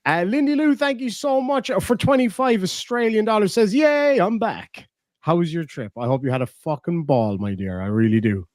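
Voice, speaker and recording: A man's voice: high voice, expressive, brisk, few pauses, a little mellow, dry recording, studio quality. A man hosting a livestream, reading out donations and telling profane, jokey stories in casual chat. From Ireland. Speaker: livestream host.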